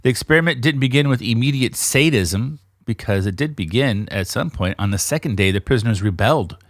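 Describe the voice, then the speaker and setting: A man hosting a casual podcast, retelling a story with animated energy and often checking in with his listener. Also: mid-range voice, brisk, no echo, studio quality. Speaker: podcast host.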